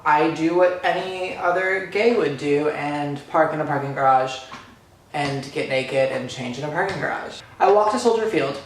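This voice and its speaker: A man vlogging an excited personal story, animated and dramatic, full of "like" and "literally.". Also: on the high side, normal speed, a little hiss or hum. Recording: echoey room.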